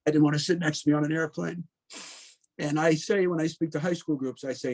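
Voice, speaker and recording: An older man in his seventies, originally from Connecticut, shares his memories in an unhurried oral history interview. His voice sits at an ordinary middle pitch. He is plainspoken and sometimes blunt, stopping to think and correct himself as he tells it in the present tense. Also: steady tone, darkish tone. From Connecticut, USA. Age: 70s. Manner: plainspoken, blunt, reflective, with many "um"s and "you know"s. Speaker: veteran interviewee.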